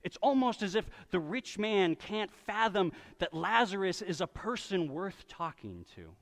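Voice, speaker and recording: Male preacher, high and very lively pitch, sermon delivered in a reverberant hall. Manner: storytelling, with quick voiced asides for people in the story.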